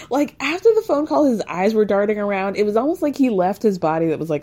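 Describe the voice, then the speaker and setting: A woman hosting a casual recap of a reality show, talking to her viewers in an animated, gossipy way and laughing often. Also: mid-range voice, a little fast, few pauses.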